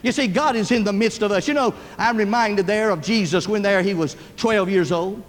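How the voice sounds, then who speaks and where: High-voiced preacher in an echoing hall. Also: male voice, normal speed. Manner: storytelling preacher, acts out voices in anecdotes. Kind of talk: sermon.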